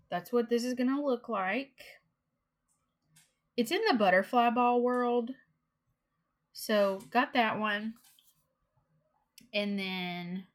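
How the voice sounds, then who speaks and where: Unhurried, chatty young woman showing her haul. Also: medium pitch. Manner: chatty and excitable, with giggles and gushing. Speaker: cross-stitch vlogger. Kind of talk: casual show-and-tell haul chat.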